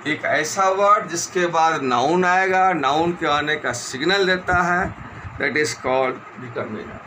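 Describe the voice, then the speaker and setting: Male teacher, fairly high voice, measured lecture pace with fast Hindi asides, faint noise. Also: bright, forceful tone, low-quality recording. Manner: slow, deliberate explaining with repeated definitions; switches to rapid Hindi asides. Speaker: English grammar teacher. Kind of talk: classroom lecture.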